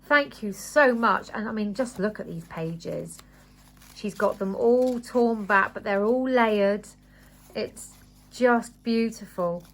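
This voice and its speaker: A woman talks her viewers through a parcel of craft goodies. Her chat is casual and full of excited gushing. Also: mid-range voice, slow pace. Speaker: craft vlogger.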